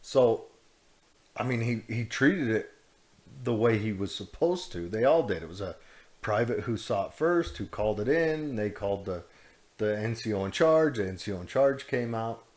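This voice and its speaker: A man's voice: fairly low pitch, lively intonation, normal speed, darkish tone. A man co-hosting a podcast, telling a story in a rambling, jokey way, often breaking into laughter. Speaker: podcast co-host. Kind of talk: casual chat.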